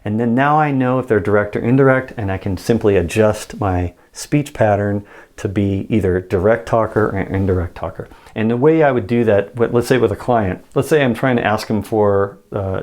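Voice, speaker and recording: A man's voice: fairly low pitch, darkish tone. A man teaching sales communication in a casual monologue, acting out example dialogues with frequent restarts.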